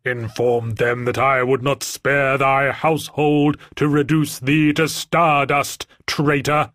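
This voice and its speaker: A man voicing a solemn, menacing male alien hunter who speaks in slow, archaic, formal threats in an audiobook. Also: mid-range voice, little pitch movement, fairly bright tone, dry recording, studio quality. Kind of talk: audiobook character voice.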